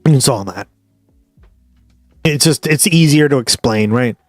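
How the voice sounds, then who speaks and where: A man's voice: medium pitch, expressive, unhurried, no room sound, faint music behind. A man from the Boston area with a Boston accent, chatting casually and profanely to viewers on a live stream. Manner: rambling, profane, addresses viewers directly. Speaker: livestream host.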